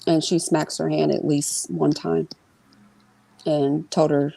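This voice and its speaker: A woman giving an interview, telling a personal story in a quick, conversational way with many fillers and restarts and imitating the people in it. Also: sits low, flat delivery, creaky, dark tone, dry recording. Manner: voices others in her retelling. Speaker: interview guest. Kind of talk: emotional personal account in an interview.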